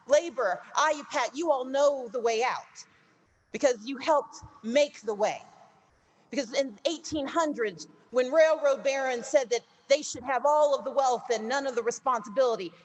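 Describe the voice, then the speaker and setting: A woman with a somewhat high voice gives a rousing political speech to union workers. She tells a parable story and builds toward emphatic, repeated lines as she talks. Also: moderate pace. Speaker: speaker at a labor union gathering.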